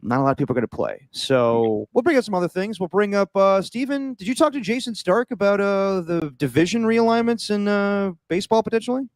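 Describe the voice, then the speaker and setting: Brief: male podcast host, slightly high, smooth, close and dry. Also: lively intonation, no echo. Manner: upbeat, quick run-through of thank-yous. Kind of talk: casual chat, sign-off.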